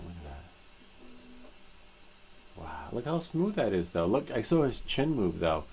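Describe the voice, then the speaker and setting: A man's voice: low voice, creaky, darkish tone, slight background noise, low-quality recording. A man hosting a live stream, chatting casually and rambling, laughing easily.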